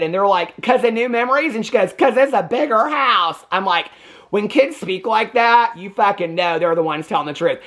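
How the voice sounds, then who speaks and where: Chatty sarcastic man recapping TV. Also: fairly bright tone. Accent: Midwestern American. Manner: chatty, sarcastic, laughs often, acts out quotes in high mocking voices. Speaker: TV recap host. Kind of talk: casual reaction recap.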